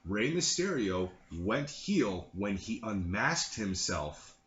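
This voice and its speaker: A man co-hosting a casual podcast chat. He is emphatic, quick to correct the others, and swears casually. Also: fairly low pitch, very animated, a bit bright. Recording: roomy, muffled recording with faint hiss.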